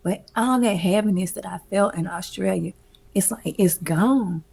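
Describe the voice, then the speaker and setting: A woman talking about her music events in a casual, expressive interview, slangy and swearing freely. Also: mid-range voice, moderate pace, vocal fry, husky. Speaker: music event curator, guest.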